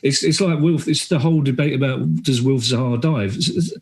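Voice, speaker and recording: A middle-aged man, a comedian guest on a podcast, chatting casually and acting out quoted voices with quick asides. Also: medium pitch, gravelly, darkish tone. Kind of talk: casual chat.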